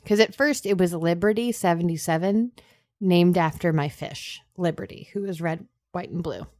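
Excitable woman with a lowish voice. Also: moderate pace, no room sound. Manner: excitable, laughing, theatrical interjections. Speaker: podcast co-host. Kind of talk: casual chat.

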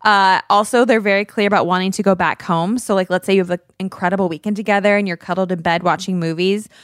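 A woman's voice: mid-range voice, steady tone, fast, no echo, clean studio sound. A young woman co-hosting a podcast, chatting casually and reading out articles in a blunt, teasing way with lots of fillers. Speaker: podcast co-host.

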